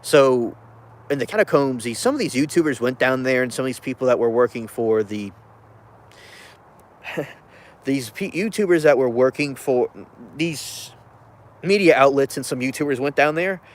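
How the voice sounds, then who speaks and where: A man's voice: mid-range voice, lively intonation, moderate pace. Rambling male vlogger. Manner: rambling, self-interrupting, chuckling asides. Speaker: vlogger reviewing a film. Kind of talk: casual rambling rant.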